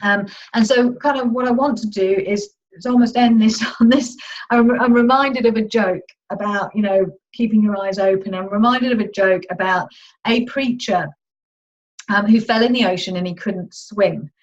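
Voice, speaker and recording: A woman with a mid-range voice, talking at normal speed, leads a live online masterclass as a money mindset coach. Her manner is informal, chatty, and upbeat, and the video call audio sounds dull and lo-fi.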